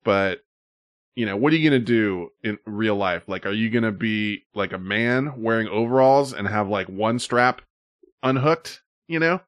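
A man's voice: on the low side, normal speed, no room sound. Rambling, swearing man streamer. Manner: rambling, loose, swears often. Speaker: stream co-host. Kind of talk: casual profane chat.

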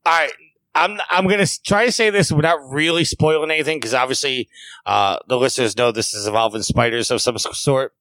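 A man's voice: medium pitch, a little fast, fairly bright tone, dry recording, poor audio. A man co-hosting a podcast, blunt and joking, swearing casually. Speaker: podcast co-host.

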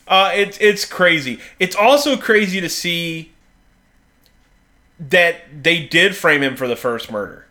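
A man's voice: on the high side, lively intonation, slow pace, pushed and bright. A man co-hosting a podcast in casual chat, swearing freely and laughing often. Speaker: podcast co-host.

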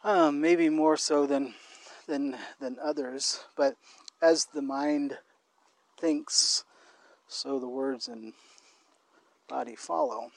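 Gravelly-voiced man co-hosting a podcast. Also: a little high, no echo. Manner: thoughtful, halting, often restarts phrases. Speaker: podcast co-host. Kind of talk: casual conversational podcast.

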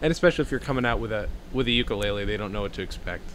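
A man hosting a podcast, quick to affirm his guest and chase questions in casual chat. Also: on the low side, fairly bright tone, a little hiss or hum. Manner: eager listener, quick affirmations. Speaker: podcast host.

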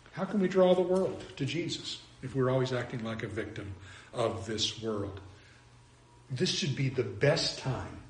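A man's voice: medium pitch, roomy sound. A man preaching a sermon, earnest and emphatic, often repeating and restarting his phrases.

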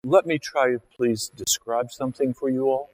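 In a rough, poor-quality recording, a male pastor with a mid-range voice delivers a conversational sermon at a normal pace and a steady tone. He acts out scenes with both his body and his voice as he goes.

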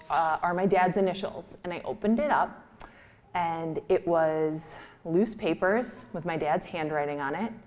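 Woman writer telling stories, chatty and self-deprecating, somewhat low voice. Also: a little mellow. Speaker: writer giving a talk. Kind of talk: personal storytelling talk.

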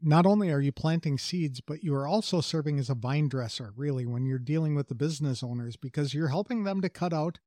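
A man's voice: on the high side, a little fast, hardly any pauses, warm tone, no echo, clean studio sound. A man hosting a faith-based interview podcast, reflective and affirming toward his guest. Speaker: podcast host.

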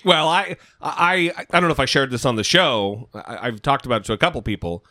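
Male co-host, lively and bright, casual and profane, dry close sound. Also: medium pitch, fairly quick, no echo. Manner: profane, self-deprecating, animated. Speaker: podcast co-host. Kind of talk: casual chat.

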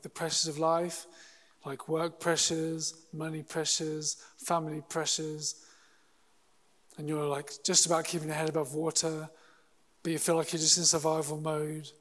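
A man preaching a sermon in an earnest, halting way, often restarting his sentences. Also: fairly high pitch, big-room sound. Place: church hall.

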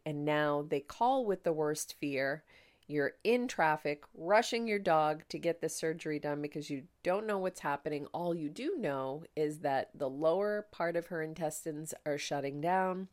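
A woman with a low voice tells a personal story on her podcast. She talks candidly and emotionally, in a chatty flow with plenty of fillers. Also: darkish tone. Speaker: podcast host.

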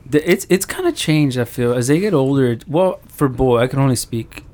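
A man's voice: medium pitch, normal speed. A man in casual conversation, a father telling a story and acting out the dialogue. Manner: animated storytelling, acts out dialogue. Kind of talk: casual chat.

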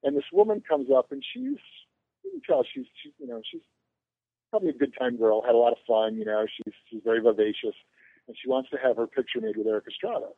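A man's voice: mid-range voice, lively intonation, fast, vocal fry, no room sound. A man guesting on a podcast, telling long rambling anecdotes with self-mocking jokes. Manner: rambling, joking storyteller. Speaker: podcast guest, convention organizer. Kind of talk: casual podcast chat. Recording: tinny phone line.

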